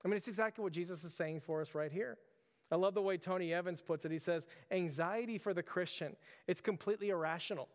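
A man's voice: high-pitched, fast talker. A man in his thirties preaching a conversational sermon, earnest and informal, often calling his listeners "church". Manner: earnest, repeatedly addresses listeners as "church", filler "like". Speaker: pastor. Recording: long hall reverb.

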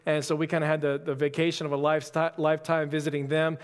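A man's voice: a little high, little pitch movement, quick pace, smooth. Man preaching in a reverberant hall. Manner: casual, storytelling, self-deprecating humor. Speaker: pastor. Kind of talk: conversational sermon.

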